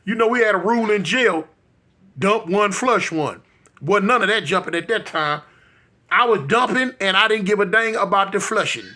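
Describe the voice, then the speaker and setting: A bright, ringing male voice telling a funny story from his own life. He is in his fifties, talks to the audience like old friends, and bursts into sound effects and exclamations as he acts out each moment. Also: high voice, normal speed. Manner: addresses listeners directly, colloquial. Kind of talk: comic personal storytelling.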